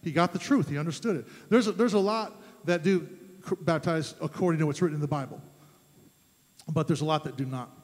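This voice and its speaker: Emphatic high-voiced male preacher. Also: fairly quick. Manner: emphatic, rising to loud fervent peaks. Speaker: pastor. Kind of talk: sermon. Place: church sanctuary. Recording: long church reverb.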